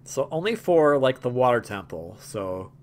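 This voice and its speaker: A man's voice: medium pitch, very animated, normal speed. A young man hosting a gameplay video, rambling in a jokey way with lots of stammers and restarts. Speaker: gaming video host. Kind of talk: casual gameplay commentary.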